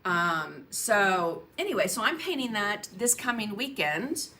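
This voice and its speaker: A woman's voice: mid-range voice, big pitch swings, measured pace, sharp tone. A woman painting teacher chatting casually on her livestream, greeting viewers by name and laughing often. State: coughing, frog in her throat. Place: home painting studio.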